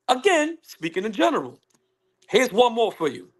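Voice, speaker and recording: A man speaking on a panel call, emphatic and animated, acting out what others say to him. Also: very high voice, moderate pace. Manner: animated, emphatic, acts out quoted women. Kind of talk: casual panel discussion. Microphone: phone on a call.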